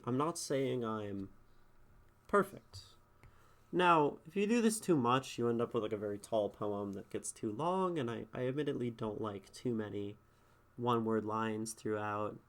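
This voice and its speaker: A man's voice: mid-range voice, lively intonation, unhurried. Man casually talking through a poem. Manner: conversational, thinks aloud with many fillers and "right?" tags. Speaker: streamer critiquing poetry. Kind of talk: casual spoken critique.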